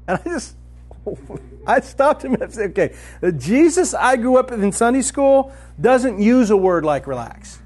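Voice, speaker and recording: A man preaching a sermon, telling stories in a lively way and often laughing as he talks. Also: sits high, measured pace, slightly rough. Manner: animated storytelling, often breaks into laughter.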